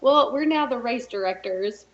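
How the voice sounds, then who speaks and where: A woman guest on a podcast, telling a story in a lively, laughing way and acting out the people she quotes. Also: fairly high pitch, normal speed. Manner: animated, laughs often, puts on voices when quoting. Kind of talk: casual interview storytelling. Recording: roomy and dull, lo-fi.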